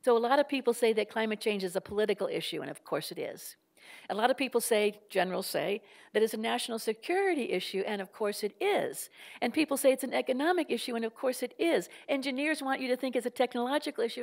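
A woman's voice: a little high, expressive, fast, vocal fry. An older woman giving a public lecture, impassioned and building her points through rhetorical questions and repetition.

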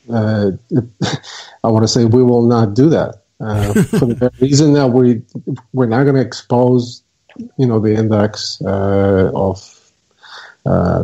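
Mellow guy talking slow and careful, lots of ums, muffled lo-fi sound. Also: lowish voice. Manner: measured, hesitant, many fillers. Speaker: guest, software co-founder. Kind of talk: casual interview talk. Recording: dull lo-fi audio.

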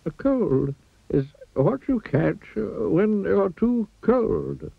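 A man doing a slow, husky old wizard. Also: high-pitched, sing-song, dry recording, phone-quality sound, pitched above the performer's own voice, heavily acted. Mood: slow, knowing. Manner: slow, halting, with hesitations. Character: old male wizard, wise and dismissive.

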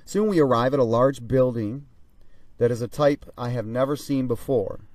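A man reads a pilot's diary aloud in a steady, measured first-person voice. His mid-range voice sits a little back from the microphone. The room around it is dry and dead. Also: medium pitch, no echo, far from the mic. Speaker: narrator. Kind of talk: reading a flight diary aloud.

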